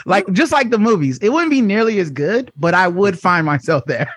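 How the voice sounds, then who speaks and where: A man's voice: high voice, lively intonation, moderate pace, a bit bright, husky. A man in a casual group chat, laid-back, joking and profane.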